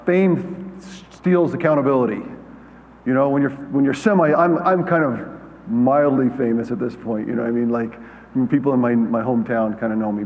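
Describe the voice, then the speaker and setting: Older man speaking in a reverberant hall. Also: mid-range voice. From United States. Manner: halting, self-deprecating storytelling with many fillers and restarts. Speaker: keynote speaker. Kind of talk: conference keynote talk. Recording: muffled sound with long hall reverb.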